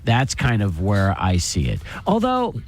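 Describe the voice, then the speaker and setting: Low-voiced wry radio guest man. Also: huge pitch swings, unhurried, soft background music. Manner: storytelling, wry. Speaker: radio guest from sister station. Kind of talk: casual chat.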